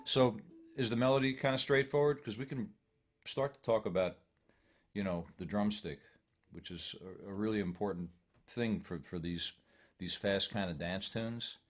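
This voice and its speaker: A man teaching a fiddle workshop online, calmly walking students through bowing patterns step by step. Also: fairly low pitch, moderate pace. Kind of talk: online music workshop instruction. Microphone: home computer mic on a video call. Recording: loud fiddle music throughout.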